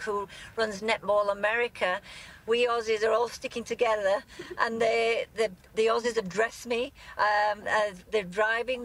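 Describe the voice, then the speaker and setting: A grieving woman with an English accent, from England, speaking in a live news interview from a moving car, tearful, halting and breaking off her sentences. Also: medium pitch, a bit bright, low-quality recording.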